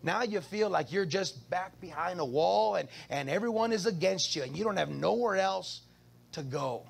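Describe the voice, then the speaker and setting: A man's voice: high-pitched, animated, normal speed, creaky, a little hiss or hum. A male pastor preaching a sermon in church, calling out to the congregation and repeating words as he goes. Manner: call-and-response preaching, stammering repeats.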